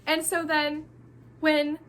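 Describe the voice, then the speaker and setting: A woman's voice: high-pitched, monotone, slow, a bit bright. A woman talking casually about a book she loves, rambling off the cuff, effusive and repeating phrases for emphasis. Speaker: book vlogger.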